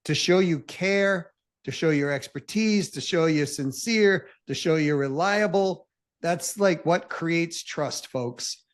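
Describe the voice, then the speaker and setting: A man's voice: a little high, slow pace. Emphatic man, guest on an interview. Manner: emphatic, full of "like" and "you know". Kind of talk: casual podcast interview.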